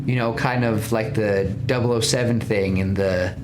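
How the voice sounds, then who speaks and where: Guy with a lowish voice rambling through a movie recap on a podcast, lots of restarts, bit of hiss. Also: fairly even intonation, normal speed. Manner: rambling retelling with restarts and quoted lines. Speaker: podcast host pitching a film. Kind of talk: casual podcast chat.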